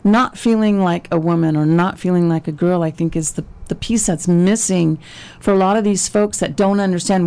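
A woman's voice: on the low side, moderate pace, dark tone, clean tone. A woman interviewing a guest, who asks probing questions and rephrases them again and again.

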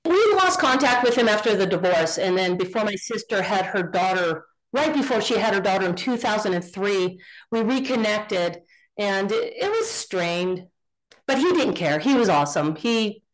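On a low-quality recording, a middle-aged Northern Californian woman speaks at normal speed with a medium pitch. She's a contractor guesting on an interview show, and she's a lively storyteller, recounting family tales in a relaxed way and performing the lines people said.

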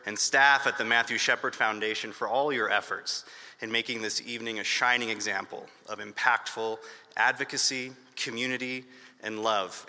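Man from Michigan, bright echoing speech. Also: mid-range voice. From northern Michigan. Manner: earnest and emotional, with light humor. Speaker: award honoree giving a speech. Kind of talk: prepared acceptance speech. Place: large hotel ballroom. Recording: long hall reverb.

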